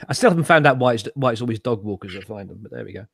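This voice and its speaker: A man's voice: medium pitch, expressive, racing, creaky, fairly bright tone, dry recording, clean studio sound. A man hosting a casual chat show over a video call, rambling, swearing and laughing at his own jokes. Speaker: host.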